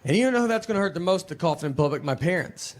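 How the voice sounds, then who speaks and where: Laid-back Southern man telling stand-up. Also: fast. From Nashville, Tennessee. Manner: low-key, deadpan, rambling delivery. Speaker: stand-up comedian. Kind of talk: stand-up storytelling. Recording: noisy live stand-up recording.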